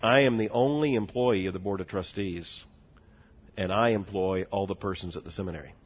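A man in his forties, a seminary president, telling a story in a speech, swinging between hushed and loud with laughing asides. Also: on the low side, fairly quick, breathy edge. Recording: dull lo-fi recording.

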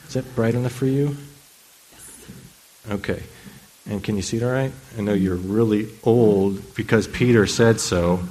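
A man's voice: fairly low pitch, normal speed, pauses often, a little mellow. A man teaching and reading a children's book aloud, speaking in a friendly, plain way. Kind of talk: read-aloud storytelling. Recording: echoey room from a distant mic.

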